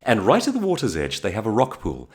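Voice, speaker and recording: A man's voice: on the low side, fast, slightly rough. A man from South Africa with a South African accent, telling stories in a casual monologue to camera with frequent restarts. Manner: animated storytelling with frequent restarts. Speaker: vlogger.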